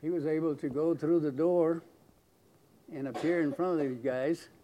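A man's voice: on the high side, fairly even intonation, normal speed, dark tone, slight background noise. A man preaching a sermon in a conversational, folksy way, with frequent fillers and restarts.

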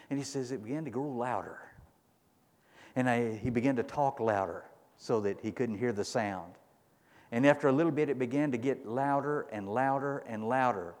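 A man preaching a sermon as pastor, retelling a story and building to loud climaxes. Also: mid-range voice, big-room sound.

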